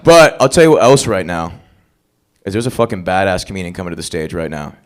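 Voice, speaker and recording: A man's voice: deep voice, very animated, fast. A man hosting an open mic comedy night, working the crowd with crude, profane banter on a club stage.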